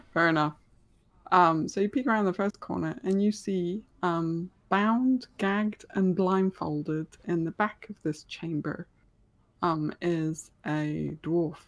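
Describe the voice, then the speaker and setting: Low, gravelly woman game master. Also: slow. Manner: hesitant, many ums while describing scenes. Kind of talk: narrating a tabletop game.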